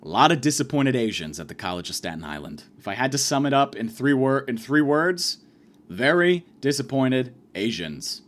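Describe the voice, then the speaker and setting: A man's voice: mid-range voice, very animated, normal speed, a bit bright. A young man giving a crude, rambling comedic rant about his college.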